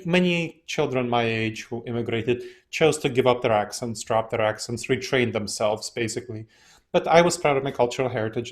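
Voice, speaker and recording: A man speaking as an interview guest, telling his own story in a reflective, self-deprecating way. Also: mid-range voice. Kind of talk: casual storytelling.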